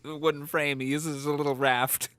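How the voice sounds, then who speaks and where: A man's voice: on the high side, little pitch movement, normal speed, a bit bright, clean tone, no room sound. A man co-hosting a podcast, telling a rambling made-up story between laughs, with the hiccups. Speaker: podcast co-host. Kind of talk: casual comedic chat.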